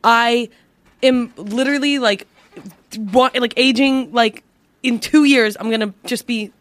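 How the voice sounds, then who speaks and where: A woman's voice: fairly high pitch, measured pace, fairly bright tone. A woman in her early twenties co-hosting a podcast, chatty and self-deprecating, with lots of fillers in a casual chat. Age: 20s. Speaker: podcast co-host.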